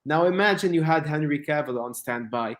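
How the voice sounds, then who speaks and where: A man co-hosting a casual podcast chat who pushes his argument with real energy and acts out lines from the movies he brings up. His voice sits a little high for a man. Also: brisk. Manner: animated, acts out quotes while arguing. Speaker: podcast co-host.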